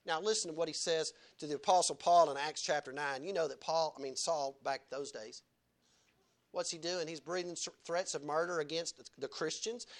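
A man preaching a sermon in church, emphatic and firing rhetorical questions at the congregation. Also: fairly high pitch.

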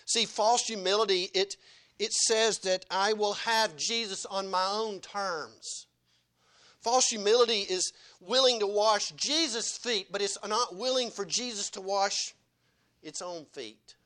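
Dramatic preacher swinging loud to hushed. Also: male voice, unhurried. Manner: dramatic, wide swings in pitch and loudness, acts out quotes. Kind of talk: sermon.

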